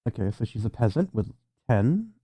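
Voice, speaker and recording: A man running a tabletop game as game master, narrating in a relaxed, casual way. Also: medium pitch, moderate pace, slightly rough, no room sound.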